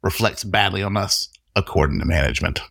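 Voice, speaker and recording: Brief: man playing a laconic, suspicious bartender, deep and gruff. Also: fast, fairly bright tone, full character voice. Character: wary, gruff male beach bartender. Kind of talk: audiobook character reading.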